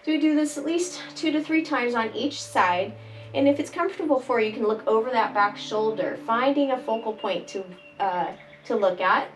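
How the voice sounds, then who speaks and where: Calm woman guiding chair yoga. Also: a little high, normal speed, slight background noise. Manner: calm, gentle step-by-step cueing. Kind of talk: guided exercise instruction. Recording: voice from a distance, faint background music.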